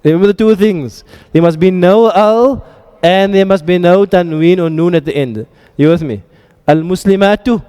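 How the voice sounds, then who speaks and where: A male teacher leads a classroom lecture with a high, mellow voice. He quizzes the students and drops playful jokes between drills. A long reverb hangs on every word. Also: normal speed, hardly any pauses, clear, resonant tone. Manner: quizzing students, joking asides. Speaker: Arabic grammar teacher.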